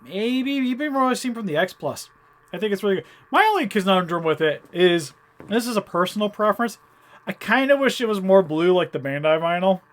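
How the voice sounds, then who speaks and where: A young man with a high, very lively voice chats excitedly while reviewing a toy figure. He rambles, trips over his words and keeps filling gaps as he goes. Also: brisk. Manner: enthusiastic, rambling with fillers and laughs. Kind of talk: casual review chat.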